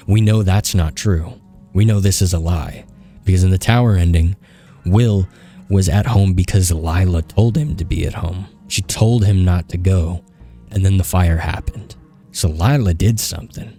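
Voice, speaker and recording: A young man with a low voice gives casual let's-play commentary at a moderate pace, with soft music in the background. Hosting a gaming video, he's profane and excitable, swearing often and talking to the game's characters.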